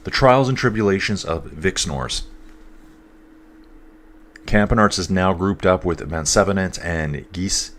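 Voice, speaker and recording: A man's voice: sits low, a little slow, long pauses, fairly bright tone, a little hiss or hum. A man with a stuffed-up voice giving casual live commentary on a bike race and reading out viewer comments. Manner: chatty, reads out viewer comments.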